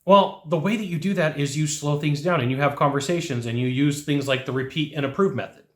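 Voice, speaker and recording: A man's voice: on the high side, fairly quick, fairly bright tone. Coaching man in an echoey room. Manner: coaching, repetitive, acts out customer dialogue. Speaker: sales trainer. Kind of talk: instructional talk to camera.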